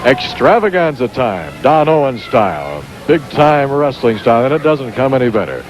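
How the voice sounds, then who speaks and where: A man announcing a pro wrestling match with excited, exclaiming play-by-play commentary. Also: medium pitch, normal speed, music in the background. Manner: excitable, exclaiming, hype-driven. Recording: noisy 1980s TV broadcast.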